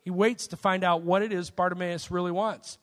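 A man's voice: high-pitched, fairly even intonation, moderate pace. A man preaching a sermon in a conversational way, often checking in with his listeners. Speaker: pastor. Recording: long hall reverb.

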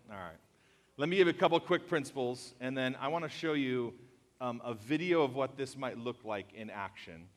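A young man preaching a casual sermon to students, joking and laughing before turning earnest. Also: medium pitch. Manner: jokey and animated, laughing at memes, then earnest. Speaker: youth pastor. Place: large hall or church auditorium. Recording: reverberant hall.

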